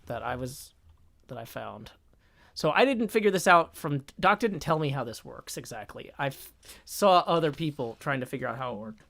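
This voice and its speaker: A man's voice: mid-range voice, animated, moderate pace, gravelly, a bit bright, dry recording. A man streaming a game live, chatting casually, thinking aloud, cutting himself off mid-sentence and answering chat. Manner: thinks aloud, self-interrupting, reads chat. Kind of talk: casual live-stream commentary while gaming.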